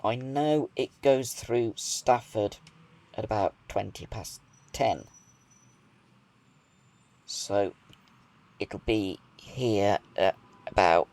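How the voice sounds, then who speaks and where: A man's voice: on the low side, a little mellow. A British man giving casual commentary over a train simulator game, thinking aloud as he goes. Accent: British English. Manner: musing aloud, slow and thoughtful. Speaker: gaming video creator.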